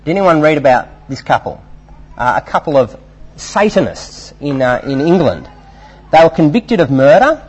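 A man preaching a sermon in an animated, emphatic way, with fillers between his points. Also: fairly high pitch, moderate pace, breathy edge.

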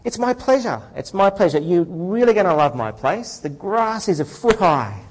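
A man's voice: high voice, very animated, moderate pace, a little hiss or hum, voice pushed up, poor audio. A man voicing an eager, generous rich lawyer in a joke told during a sermon.

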